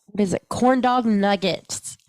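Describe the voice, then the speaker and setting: A woman's voice: medium pitch, a little slow, darkish tone, no room sound. A woman co-hosting a casual podcast, chatty, laughing easily and trailing off mid-thought. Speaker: podcast co-host.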